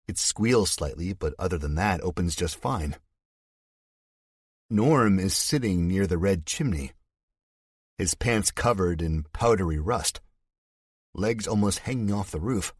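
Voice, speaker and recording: A man reads a thriller audiobook in the first person, keeping his delivery steady and measured. His voice is very low and husky. The recording is dry and close, with no room around it. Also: dry recording. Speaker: audiobook narrator.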